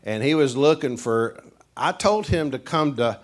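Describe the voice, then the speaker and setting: A man's voice: medium pitch, sing-song, moderate pace. A male pastor with a thick East Tennessee mountain accent, joking folksily with a congregation as he preaches. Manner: folksy, joking, chuckling storyteller. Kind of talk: humorous sermon to a congregation.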